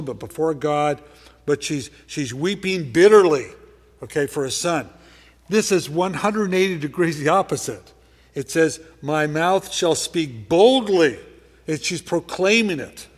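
A man preaching in a church sanctuary, his voice a bit high and ringing through a reverberant hall. He preaches conversationally and checks in often with "okay?" He moves between loud, stressed words and quiet asides. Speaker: pastor. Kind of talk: sermon.

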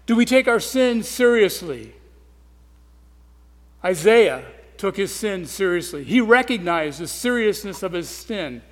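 High-voiced man preaching in echoing hall. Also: very animated, unhurried. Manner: earnest, swings between loud emphasis and quiet, soft asides. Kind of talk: sermon. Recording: long reverb of a large hall.

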